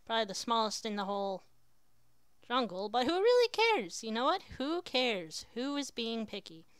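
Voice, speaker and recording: Bright, chatty woman gaming. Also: a little high, clean tone, no room sound. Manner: chatty, talks to herself, with sudden exclamations. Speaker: let's player. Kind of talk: casual gameplay commentary.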